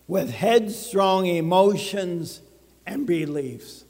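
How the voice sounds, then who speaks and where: A man's voice: sits high, animated, slow pace. A male pastor preaching a sermon in a church, speaking emphatically and checking in with the congregation. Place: church sanctuary. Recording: long reverb of a church hall.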